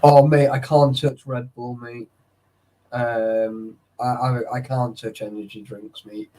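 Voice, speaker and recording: Man, young, drowsy, sweary casual chat, warm low tone. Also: little pitch movement, slow pace, a little hiss or hum. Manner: sweary, rambling, greets chatters by name. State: tired and sleepy. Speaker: livestreamer. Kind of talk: casual chat with live viewers.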